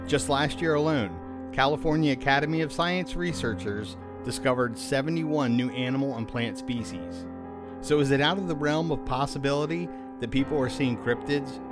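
A man hosting a podcast, reading a scripted narration in a measured, serious way. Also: mid-range voice. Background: music.

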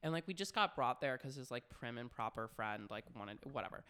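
Young man, podcast co-host, casual storytelling, very bright tone, smooth clear voice, frank and profane. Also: medium pitch, animated, a little fast. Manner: frank and profane, heavy "like" fillers.

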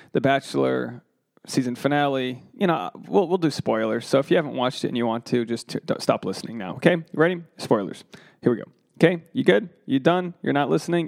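A young adult man hosts a solo podcast in a gravelly voice full of vocal fry. He talks loosely and profanely, poking fun at himself. The sound is close and dry, with no room in it. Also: medium pitch, a little mellow, dry recording. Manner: loose, profane, self-deprecating banter. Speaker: podcast host and comedian.

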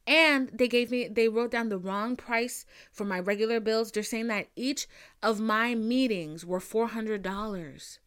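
A young woman with a slightly high voice hosts a podcast and tells her story as a casual, heated rant. She swears freely and acts out what others said to her, switching into their lines as she goes. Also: measured pace, clean tone. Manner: blunt, profane, animated retelling with mimicked quotes. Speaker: podcast host.

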